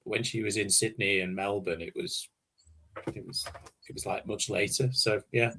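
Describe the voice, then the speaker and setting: A man's voice: fairly low pitch, steady tone, normal speed, pushed and bright, slight background noise. A man co-hosting a football podcast, chipping in helpfully with facts. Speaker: podcast co-host. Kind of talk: casual chat.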